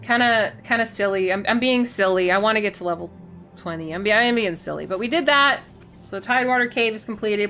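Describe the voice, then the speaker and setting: Silly woman gamer streaming, bright highish voice, super bouncy, chatting w chat. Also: expressive, fast, faint music behind. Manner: playful, silly, chats to viewers, giggles. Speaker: game streamer. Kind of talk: casual gaming stream chat.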